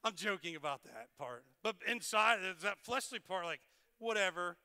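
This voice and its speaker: A middle-aged man, a pastor, preaching a sermon with animated storytelling and playful self-deprecating humor. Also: high-pitched, normal speed, smooth, in a large hall. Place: large church hall.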